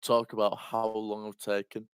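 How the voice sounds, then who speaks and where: A man's voice: on the low side, monotone, moderate pace, smooth, no room sound, clean studio sound. A man chatting casually in a gaming voice chat, chatty and playfully indignant.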